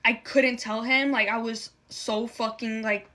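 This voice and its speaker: Casting note: woman with a higher-pitched voice, casual storytime vlogger, blunt and slangy, swears a lot. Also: fairly even intonation, measured pace, pushed and bright. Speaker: storytime creator.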